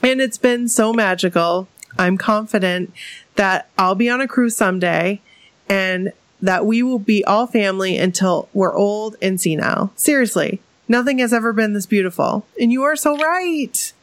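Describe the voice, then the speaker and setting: A woman from New England co-hosting a podcast, reading listener stories aloud and chatting casually, enthusiastic and quick to laugh. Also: medium pitch, no room sound.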